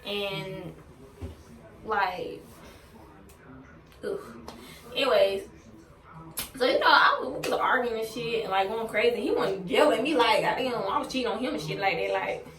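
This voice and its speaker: A woman's voice: medium pitch, moderate pace, pauses often, a bit bright. A woman telling a storytime on her vlog in a blunt, heavily profane, venting way. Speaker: vlogger. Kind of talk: casual storytime rant. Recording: roomy, distant from mic.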